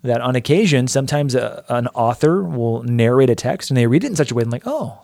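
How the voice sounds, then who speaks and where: A man co-hosting a podcast and talking casually through a Bible passage, thinking aloud and animated. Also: medium pitch, fast, creaky, no echo. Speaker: podcast co-host, pastor.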